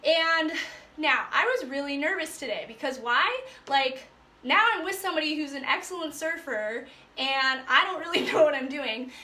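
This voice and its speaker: A woman life coach telling a personal story to her viewers in a chatty, animated way, full of fillers. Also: high voice, normal speed, roomy sound. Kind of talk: casual storytelling to live viewers.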